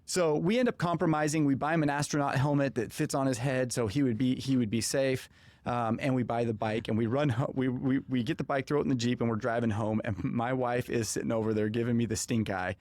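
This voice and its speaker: A man hosting a podcast, telling a personal story in an animated way and acting out the dialogue. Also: medium pitch, fairly quick, no room sound. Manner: animated, acts out quoted dialogue. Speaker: podcast host. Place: podcast studio.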